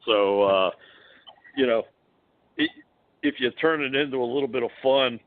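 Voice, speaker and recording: A man's voice: medium pitch, moderate pace, no room sound. Laid-back middle-aged man on a phone line. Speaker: podcast co-host. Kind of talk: casual chat. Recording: tinny phone line with faint hiss.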